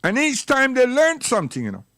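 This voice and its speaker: A man's voice: extremely high pitch, wildly swooping pitch, brisk, fairly bright tone, no echo, studio quality. A man giving a rambling, scolding, impassioned livestream monologue. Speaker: livestream commentator.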